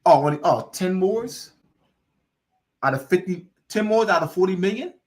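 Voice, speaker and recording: A man lectures with mounting fervor, hammering the same phrases over and over. His voice sits high for a man, and he slips into casual dialect as he preaches. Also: lively intonation, measured pace. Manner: preachy and repetitive, building in fervor; informal, drops into dialect. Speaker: host. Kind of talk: impassioned lecture.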